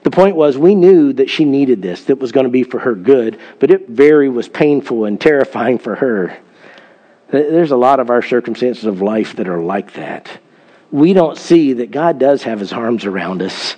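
Man, pastor, middle-aged, earnest sermon, warm dark tone, muffled recording. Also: mid-range voice, expressive, normal speed. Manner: earnest storytelling, emphatic scripture reading.

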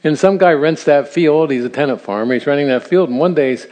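A man's voice: on the high side, a little fast, darkish tone. An older man giving an earnest, story-driven sermon-style talk to grandparents, chuckling at his own asides. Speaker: speaker at a church seminar for grandparents. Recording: long reverb of a large hall.

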